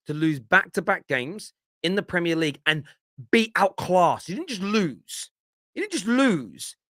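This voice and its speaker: A man's voice: fairly high pitch, fairly bright tone, no echo, clean studio sound. A man hosting a live football fan reaction show, talking emphatically and repeating phrases for effect.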